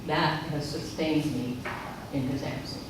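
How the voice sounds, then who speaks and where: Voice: mid-range voice, measured pace. A middle-aged speaker gives a personal storytelling sermon at a spiritual center, acting out remembered quotes. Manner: animated storyteller who acts out remembered quotes. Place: large church sanctuary. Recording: echoey hall from far off, noisy.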